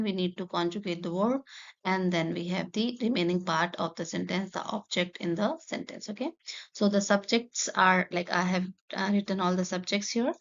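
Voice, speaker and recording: A woman teaches a French lesson, going through conjugations one step at a time and translating each phrase. Her voice has a gravelly fry in it. The recording sounds dull and lo-fi. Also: mid-range voice. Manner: methodical, reads French then translates. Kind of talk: explaining a textbook lesson.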